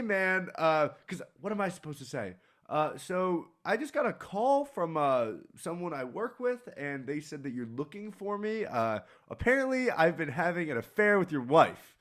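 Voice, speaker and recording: A young man co-hosting a podcast tells a story in casual, profane conversation, doing the voices of the people he quotes. His voice is a little high and somewhat bright.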